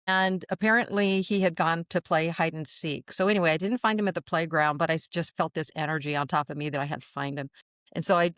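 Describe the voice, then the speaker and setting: A woman's voice: low-pitched, fairly bright tone, clear, resonant tone, no room sound, studio quality. A woman in her sixties telling a long personal story as a podcast guest, chatty with frequent laughs and fillers. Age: 60s. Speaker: guest channeler.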